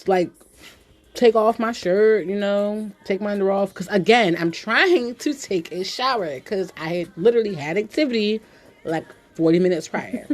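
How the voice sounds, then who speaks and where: A woman's voice: mid-range voice, darkish tone. A woman, a podcast host telling a candid, profane story in casual chat, often laughing. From Philadelphia.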